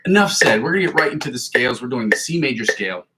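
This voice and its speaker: A man's voice: medium pitch, lively intonation, very fast. A man streaming his guitar practice from a hot room at home, chatting casually, cursing freely and calling out tempos and scale positions. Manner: casual, self-deprecating, swears freely. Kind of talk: casual livestream practice talk. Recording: loud noise behind the voice.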